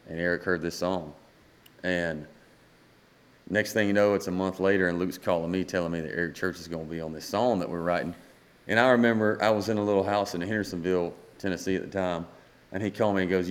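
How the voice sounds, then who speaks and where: A man, a guest singer-songwriter, telling a rambling story in a casual podcast chat and acting out the dialogue. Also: low-pitched.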